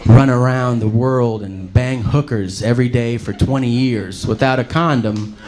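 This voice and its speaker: A man's voice: medium pitch, moderate pace. A man doing a stand-up comedy routine on stage, crude and mocking, telling his stories with lots of energy. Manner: crude, mocking, animated storytelling. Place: comedy stage before a live audience. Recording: live stage recording with audience noise.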